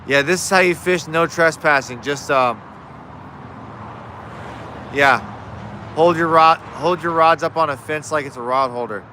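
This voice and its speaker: Male livestream host, crisp bright tone, loose chatty delivery answering chat outdoors. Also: on the high side, measured pace, pauses often, slight background noise. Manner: rambling, frequent restarts, answers chat. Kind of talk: casual live Q&A chat. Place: outdoors in his yard.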